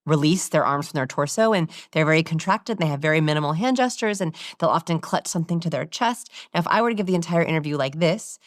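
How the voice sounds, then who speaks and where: A woman in an interview, explaining body language in an animated, demonstrative way. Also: low voice, fast, few pauses, no room sound, clean studio sound. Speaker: guest expert on body language.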